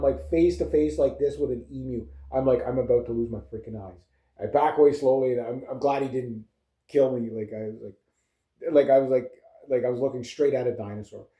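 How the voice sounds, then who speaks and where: Chatty man with a mellow, roomy voice. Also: mid-range voice. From Canada. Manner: chatty, laughs often, many fillers like "you know". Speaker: vlogger. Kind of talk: casual rambling storytelling.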